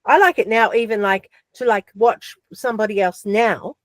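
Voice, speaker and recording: An Australian woman chatting on a podcast, full of fillers and little asides. Her voice sits at an ordinary middle pitch. The sound is dry and close, with no room echo. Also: normal speed. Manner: chatty, animated storyteller with many fillers. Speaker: podcast guest. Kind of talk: casual chat.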